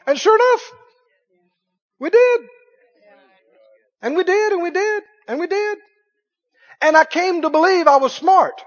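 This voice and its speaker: A man's voice: very high-pitched, lively intonation, a little fast, long pauses, lo-fi sound. Folksy preacher man. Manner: folksy, emphatic, repeats phrases for effect. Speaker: pastor. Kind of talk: sermon.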